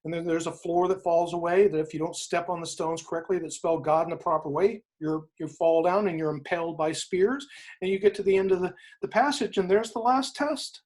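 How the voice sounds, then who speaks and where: A man, an interview guest, retelling a story in an emphatic, animated way, often repeating phrases for weight. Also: sits high, fairly quick. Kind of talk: inspirational storytelling in conversation.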